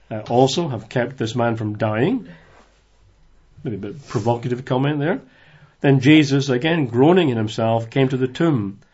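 A man's voice: medium pitch, a little mellow. Guy doing a casual bible study, reads verses then chats about them, kinda dull lo-fi sound. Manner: reads scripture aloud, then comments conversationally with asides. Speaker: Bible teacher. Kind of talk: informal Bible study talk.

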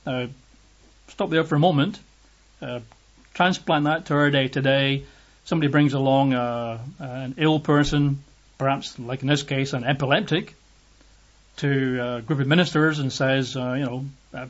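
A man's voice: mid-range voice, moderate pace. A man preaching a sermon, reading scripture and commenting on it in a conversational, emphatic way. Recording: dull lo-fi recording.

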